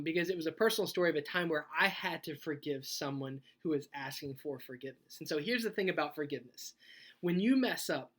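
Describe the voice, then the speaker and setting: A man speaking as a youth pastor in a sermon video. He talks in a conversational, animated way and tells a personal story, laughing as he goes. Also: fairly high pitch. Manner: conversational, animated, laughs while telling stories.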